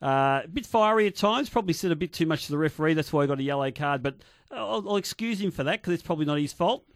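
A man's voice: on the high side, expressive, quick pace, no echo. A man giving eager, full-of-praise football analysis on studio radio. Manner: enthusiastic, full of praise, many restarts. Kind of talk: casual match analysis on radio. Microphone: studio microphone.

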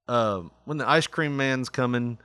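A man's voice: medium pitch, measured pace, bright, forceful tone, smooth, no echo. A male podcast host in casual, joking chat who laughs often.

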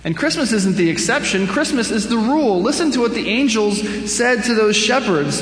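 A man's voice: high voice, expressive, moderate pace, few pauses, fairly bright tone. A man preaching a sermon as pastor, conversational and wry, poking fun at himself as he talks to the congregation. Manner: conversational, self-deprecating humor. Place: church sanctuary. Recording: echoey hall with long reverb.

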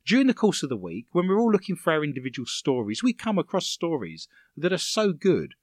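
Lively Romford man hosting radio. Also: a little high, fairly quick, dry recording, clean studio sound. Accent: Romford English. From England. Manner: jokey, reads out listener messages. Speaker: radio show host. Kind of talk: comedy radio show chat. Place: radio studio.

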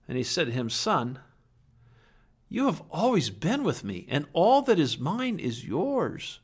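A pastor gives a sermon with earnest conviction, his sing-song, slightly rough voice sitting a little higher than most men's. He presses hard on key phrases, lets dramatic pauses hang, then drops to a hush.

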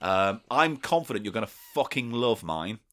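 A man's voice: lowish voice, big pitch swings, normal speed, a bit bright. A man co-hosting a comedy podcast, swearing and mock-indignant in casual banter. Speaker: podcast co-host.

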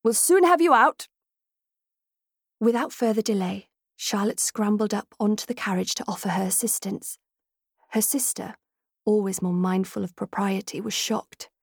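Woman, audiobook narrator, measured expressive storytelling, breathy husky voice, dry studio sound. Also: medium pitch, dry recording. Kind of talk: scripted narration.

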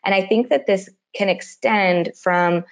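A woman hosting a casual podcast chat with a mid-pitched voice. She gushes as she speaks and keeps an animated, heartfelt tone. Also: unhurried, lo-fi sound. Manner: gushing, warm-hearted and animated. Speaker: podcast host.

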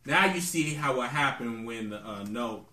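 A man's voice: mid-range voice, expressive, normal speed, bright, forceful tone. A man co-hosting a casual group chat, profane and teasing. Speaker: podcast co-host. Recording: echoey room, mic far off, clear noise.

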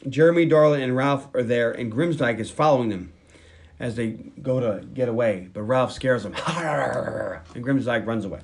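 A man's voice: mid-range voice, moderate pace, vocal fry, slight background noise. A man hosting a podcast, animatedly recapping a film plot in casual chat and laughing often. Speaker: podcast host.

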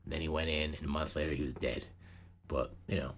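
A man's voice: very deep voice, fast talker, a little hiss or hum. A man hosting a metal news podcast, talking in rambling, profane casual chat. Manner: rambling, profane, animated banter.

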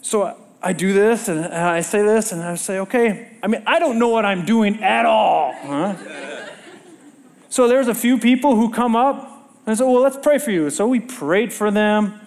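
A middle-aged man delivers a sermon from a church stage in a strikingly high voice. He tells stories with animation and keeps turning to the congregation with rhetorical questions. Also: moderate pace, vocal fry, darkish tone. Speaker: preacher.

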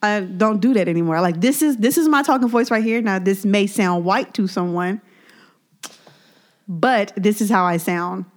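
A woman co-hosting a podcast in casual chat. She talks in a relaxed, candid way, with many fillers, and searches for her words. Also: mid-range voice, normal speed.

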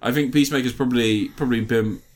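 A man's voice: mid-range voice, quick pace. A man co-hosting a casual podcast chat, laughing often, swearing freely and trailing off mid-sentence. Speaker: podcast co-host.

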